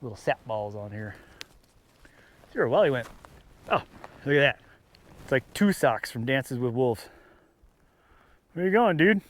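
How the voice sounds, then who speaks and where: An outdoor vlogger chats casually to the camera at a mountain campsite, talking to his dogs while setting out snacks. His mid-range voice is animated but measured, with long pauses, and a faint hiss or hum sits under the recording.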